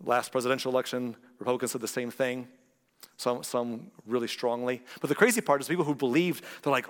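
A man preaching a conversational sermon as pastor, animated and playful, with joking asides and quick impressions of other people. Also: mid-range voice. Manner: animated, joking asides, acts out quoted voices. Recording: long reverb of a large hall.

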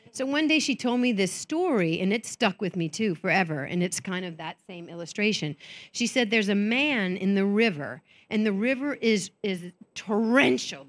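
Candid woman giving a conference talk. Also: mid-range voice. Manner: candid, self-mocking storytelling; acts out quoted voices. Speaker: conference speaker.

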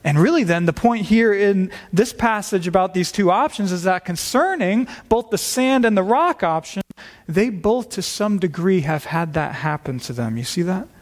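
A man's voice: high voice, lively intonation, moderate pace, big-room sound. A male pastor preaching an expository sermon, emphatic, stressing key words by repeating them.

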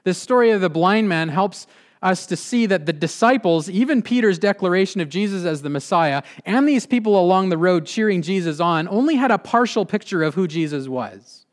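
A male pastor delivering a sermon in an earnest way, slowing for emphasis and dropping quiet at the ends of points. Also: sits high, animated. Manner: earnest, with slowed emphatic phrasing and drops to a quiet close.

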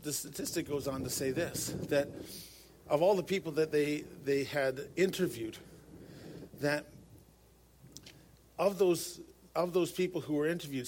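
A man's voice: a little high, a little hiss or hum. A man preaching a sermon as pastor, earnest, often repeating a word as he restarts a phrase.

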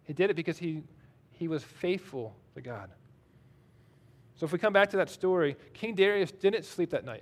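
Preaching in a conversational, self-deprecating manner, a male pastor with a high-sitting voice reads scripture aloud and comments in between.

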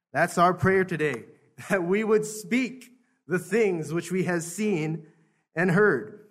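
A man's voice: high-pitched, slow. Chuckling, stammering man preaching. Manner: chuckling, stammering, repeating words. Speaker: Baptist preacher. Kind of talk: storytelling sermon.

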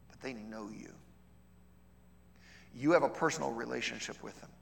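A middle-aged man teaching as a missionary, in a conversational way, often checking in with "okay?" and acting out bits of dialogue with lively shifts of voice. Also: mid-range voice, moderate pace, creaky. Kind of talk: teaching session on outreach. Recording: long reverb of a large hall.

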